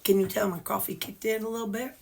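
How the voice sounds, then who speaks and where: A middle-aged woman with a drawl talks to her viewers as she cooks, chatty and folksy with a teasing edge. Her voice sits at an ordinary middle pitch. It bounces around an echoey home kitchen. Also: flat delivery, fast talker, vocal fry, a little hiss or hum. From Missouri. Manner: chatty, folksy, teasing, sings snatches to herself. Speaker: vlogger. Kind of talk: casual chat to camera.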